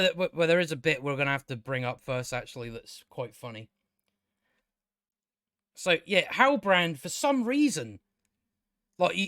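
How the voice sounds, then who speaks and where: A man's voice: on the high side, a bit bright, no room sound, studio quality. A man giving a casual, rambling review of a TV episode, exasperated and incredulous, with many fillers and restarts. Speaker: TV show reviewer.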